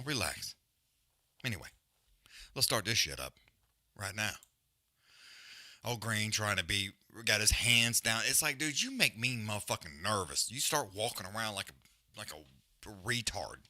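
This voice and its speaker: A man with a lowish, pushed, bright voice hosts a live stream watching a fight, recorded with no echo. He rambles through a blunt, profane rant heavy on slang and swearing, restarting and muttering as he trails off, before moving on to call the action.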